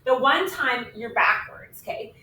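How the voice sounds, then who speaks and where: A middle-aged woman math teacher with a high voice tells stories and talks her class through problems in a chatty, lively way. She is picked up from across an echoey classroom, with a faint hum of room ambience behind her. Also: measured pace. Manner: chatty, lively, often checks in with 'okay?'. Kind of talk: animated classroom storytelling and teaching. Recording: echoey classroom recorded from a distance.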